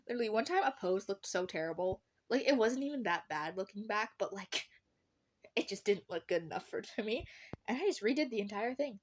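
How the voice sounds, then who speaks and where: A woman's voice: mid-range voice, animated, a little fast. Chatty sarcastic teenage girl. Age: teens. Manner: chatty, sarcastic, laughs often, swears. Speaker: artist vlogger. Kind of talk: casual chat.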